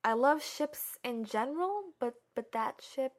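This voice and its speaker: A young woman chatting casually about films, animated and chatty, acting out her own past lines. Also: high voice, a little slow. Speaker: co-host. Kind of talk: casual film chat.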